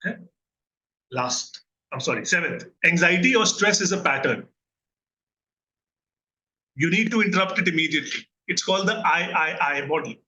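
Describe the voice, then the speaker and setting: Indian guy therapist teaching, kinda high bright voice, keeps asking "okay?". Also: animated, moderate pace, long pauses, poor audio. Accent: Indian English. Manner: earnest teaching, asks listeners questions and checks in. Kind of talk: recorded mental health lesson.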